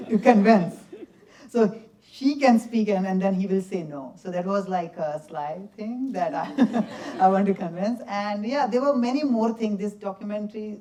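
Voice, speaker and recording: A man's voice: high-pitched, normal speed, few pauses. Young man telling stories off-mic. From India. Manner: lively storyteller, laughs often, simple broken English. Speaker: film subject answering audience questions. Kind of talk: post-screening Q&A answers. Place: cinema or festival hall. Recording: distant from the mic.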